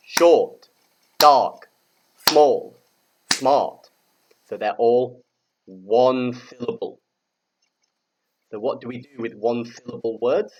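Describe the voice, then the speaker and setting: A man from the UK teaching a grammar lesson to young learners, speaking slowly and repeating words for them to echo. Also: mid-range voice, warm tone, highs cut off. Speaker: English teacher.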